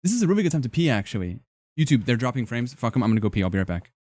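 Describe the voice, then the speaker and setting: A man's voice: medium pitch, sing-song, rapid-fire, darkish tone. A young man streaming live, chatting casually and joking as he reacts to his chat in a rambling way.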